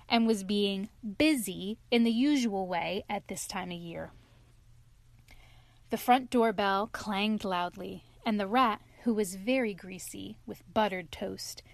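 Woman storybook narrator, mid-pitched, measured and even, dry close sound. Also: no room sound.

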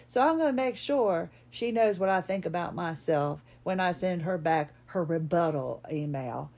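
A woman's voice: on the low side, lively intonation, moderate pace, few pauses, darkish tone. A middle-aged woman, hosting a podcast, talking in a casual, rambling personal monologue full of restarts. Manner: chatty, rambling, frequent restarts and laughs. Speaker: podcast host.

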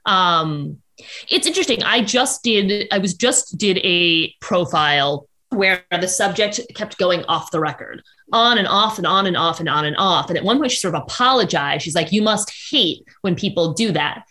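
A woman, a journalist guest on a podcast, talking casually in quick bursts with frequent restarts. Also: fairly low pitch, animated, pushed and bright. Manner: chatty, quick with many restarts.

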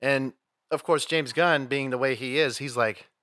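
Male podcast co-host, bright voice, rambling storyteller, dry close mic. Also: mid-range voice, normal speed, no room sound. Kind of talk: casual chat.

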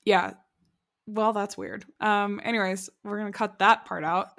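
Woman cohost, giggly, says like a lot, average pitch. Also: steady tone, measured pace, gravelly, a bit bright. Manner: chatty and giggly, many "like"s. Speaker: podcast co-host. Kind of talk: casual chat recapping a TV show.

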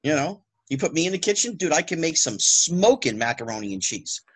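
A man talking as a podcast guest, animated and rhetorical with exasperated asides. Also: a little high, a little fast, slightly rough. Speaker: guest, former child actor. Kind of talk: casual podcast conversation.

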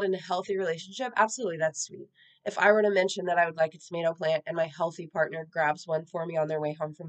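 A woman creator speaking candidly and reflectively about her own experiences, in a conversational personal-storytelling style. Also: on the low side. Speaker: social media creator.

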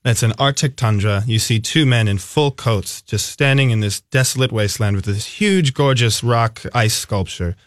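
A man with a Minnesota accent, a stage actor chatting as a radio guest in an animated, playful way. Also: medium pitch, normal speed, few pauses, no echo, clean studio sound. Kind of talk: casual radio interview.

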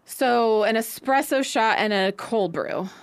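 A woman's voice: a little high, measured pace, no echo. Chatty woman podcast host, dry sound. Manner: chatty, rambling storyteller with many fillers. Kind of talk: casual chat.

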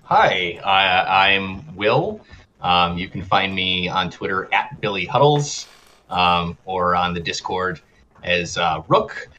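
Low slow hesitant guy, bright edge, lo-fi call with faint noise. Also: lively intonation. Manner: hesitant, halting with fillers. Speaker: player. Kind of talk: casual game-stream chat.

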